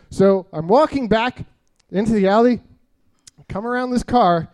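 Stand-up comic, man, early 30s, high voice, rambling and self-deprecating delivery. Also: lively intonation, normal speed, darkish tone. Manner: rambling, self-deprecating, many filler uhs. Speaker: stand-up comedian. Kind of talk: stand-up storytelling.

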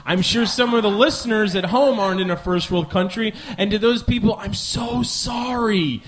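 A man's voice: high voice, normal speed, music in the background. A man in his twenties from the Midwest, hosting a live comedy podcast with a rambling, profane, self-mocking monologue. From American Midwest. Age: 20s.

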